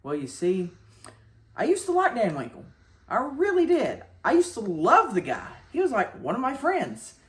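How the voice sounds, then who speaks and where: A man's voice: very high voice, wildly swooping pitch, normal speed, exaggerated voice. A man doing a petty, boastful wrestler. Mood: smug. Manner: indignant, boastful, repeats himself. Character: indignant, money-obsessed male wrestler, boastful and petty. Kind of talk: comedy sketch acting.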